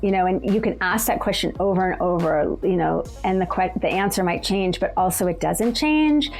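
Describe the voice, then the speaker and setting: Gravelly low-voiced woman recounting a memory. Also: darkish tone, faint music behind. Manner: reflective, halting with fillers and restarts. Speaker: storyteller. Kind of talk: personal story told aloud.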